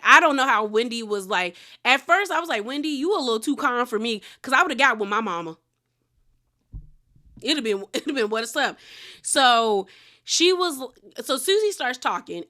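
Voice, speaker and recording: A woman recapping a reality show in casual, animated commentary, acting out the quotes. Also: a little high, moderate pace.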